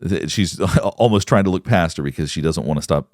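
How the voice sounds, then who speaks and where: A man, a psychologist, giving measured, explanatory commentary on court footage. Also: low voice, a little mellow, no room sound, clean studio sound. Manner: explanatory, measured, pauses to point things out. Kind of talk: analytical commentary.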